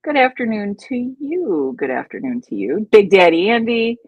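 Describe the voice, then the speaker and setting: Husky-voiced bubbly woman co-host. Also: medium pitch, big pitch swings, moderate pace, a little mellow, dry recording, dull audio. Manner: bubbly, greets viewers by name. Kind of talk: casual live-stream chat.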